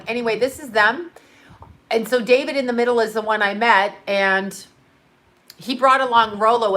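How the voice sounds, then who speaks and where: A middle-aged woman hosting a casual livestream, telling a rambling, excitable story full of fillers. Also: medium pitch. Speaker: channel host.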